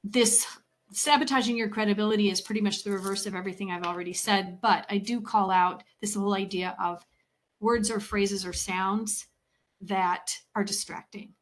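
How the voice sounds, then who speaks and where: Woman, communication coach at the lectern: measured, instructive, firm emphasis, middle pitch. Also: steady tone. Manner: measured and deliberate, with clear emphasis and pauses; instructive, lists points one by one. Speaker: communication skills coach and presenter. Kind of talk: professional talk to a meeting.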